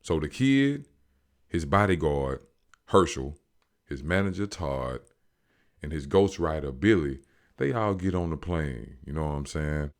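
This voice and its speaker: Low voiced guy recapping a show, real animated. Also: unhurried, long pauses. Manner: animated, slangy, acts out quotes. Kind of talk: casual storytelling recap.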